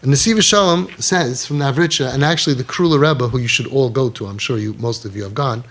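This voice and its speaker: A man's voice: medium pitch, quick pace, fairly bright tone. A middle-aged man giving a parenting talk, telling stories animatedly, acting out quoted dialogue and asking emphatic rhetorical questions. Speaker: parenting guide.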